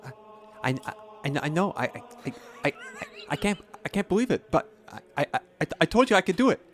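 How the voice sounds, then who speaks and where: A man's voice: high voice, sing-song, brisk, a little hiss or hum. A man playing a stammering nervous gnome groom. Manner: heavy stammer, repeats words.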